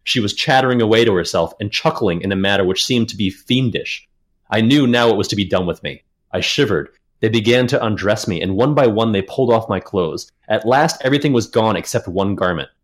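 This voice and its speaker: A man's voice: on the low side, expressive, brisk. A man hosting a casual podcast, retelling a story, reading passages aloud and swearing casually. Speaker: podcast host.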